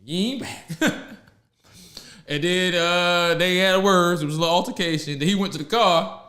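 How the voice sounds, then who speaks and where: A man with a high voice chats on a podcast, spinning animated stories and laughing between lines. The room around him is echoey. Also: moderate pace. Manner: animated storyteller, laughs often, Southern slang. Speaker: podcast host. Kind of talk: casual podcast chat.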